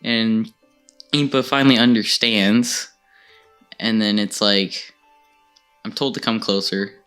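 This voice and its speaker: Gaming host recapping a playthrough, lowish male voice, loose rambling delivery full of laughs. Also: measured pace, smooth, faint music behind. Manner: rambling, animated storytelling with frequent laughs. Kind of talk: casual gameplay recap.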